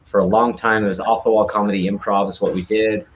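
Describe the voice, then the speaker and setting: A man's voice: on the low side, quick pace. A man in his thirties with an American accent, a theater director telling his story as a guest in a casual chat. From Utah, United States. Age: 30s. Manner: relaxed, chatty storyteller with teasing humor. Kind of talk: casual conversation.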